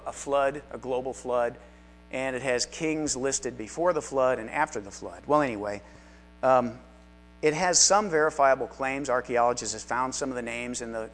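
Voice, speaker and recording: A man's voice: medium pitch, moderate pace, slight background noise. A man teaching a live Bible study class in a chatty, self-deprecating way, with frequent asides to the group.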